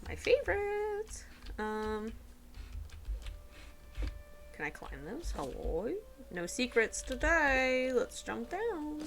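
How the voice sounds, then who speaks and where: A woman streaming a video game from home, chatting casually with a giggly manner and dipping into soft, whispery asides. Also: fairly high pitch, lively intonation, very slow, pauses often. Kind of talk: casual gameplay commentary.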